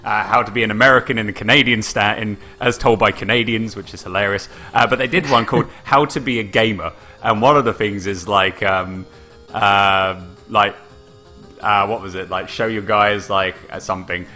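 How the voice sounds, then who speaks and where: A man's voice: lowish voice, fairly even intonation, moderate pace, sharp tone, soft background music. A man co-hosting a podcast, chatting casually about old video games, laughing often and acting out quotes in a raised voice. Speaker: podcast co-host.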